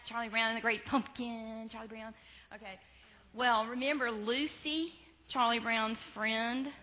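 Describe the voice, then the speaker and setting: A woman telling a story to children during a church service, animated and full of questions to them. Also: on the high side. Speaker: children's message leader. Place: church sanctuary. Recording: reverberant church sanctuary.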